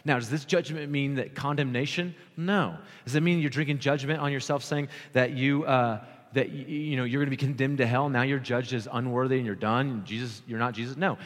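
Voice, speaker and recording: A man preaching a sermon as pastor, earnest and emphatic, slowing down to repeat his key points. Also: medium pitch, fairly even intonation, in a large hall.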